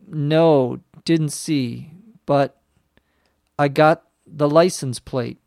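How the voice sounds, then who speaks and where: An injured young woman gasps out short, broken phrases, slowly and weakly, as a male reader voices her. She is out of breath and halting in an audiobook story, spoken in a dry, close voice. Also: low-pitched, creaky, a little mellow, no room sound, heavily acted. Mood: weak, strained.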